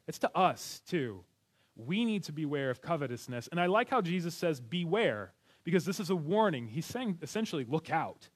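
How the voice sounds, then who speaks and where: Earnest, chatty male preacher. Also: on the high side. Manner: conversational, earnest, with restarts and light laughs. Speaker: pastor. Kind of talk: sermon.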